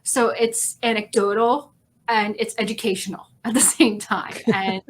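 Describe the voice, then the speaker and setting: A woman's voice: mid-range voice, fairly even intonation, a little slow. Effusive heartfelt woman hosting a call. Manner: effusive, heartfelt, rambling with many fillers. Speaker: host. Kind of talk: emotional casual interview chat.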